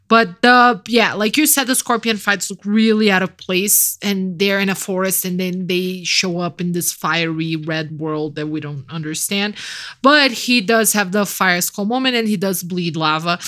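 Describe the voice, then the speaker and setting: A woman co-hosting a podcast, rambling and animated in casual movie review chat, swearing casually and laughing often. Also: mid-range voice, measured pace. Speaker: podcast co-host.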